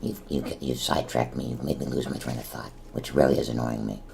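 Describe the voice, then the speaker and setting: Brief: man putting on a rumbling, ultra-deep gravelly grouch, snappish and easily riled, comedy banter. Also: fairly even intonation, brisk, a little hiss or hum, full character voice. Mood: irritated. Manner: grumbling, blustering, snappish. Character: hot-tempered gruff man, easily riled.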